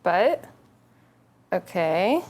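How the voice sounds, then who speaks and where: A woman's voice: fairly low pitch, big pitch swings, drawn-out words, a little mellow, a little hiss or hum. Playful woman vlogging from her bakery. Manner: playful, jokey. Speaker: baking vlogger. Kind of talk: casual chat. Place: home bakery. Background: background music.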